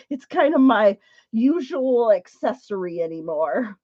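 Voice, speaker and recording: A woman's voice: fairly high pitch, big pitch swings, slow, a little mellow. A woman chatting casually to viewers while demonstrating paint pouring live, laughing often as she works. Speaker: paint pouring livestream host. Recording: dull lo-fi stream audio.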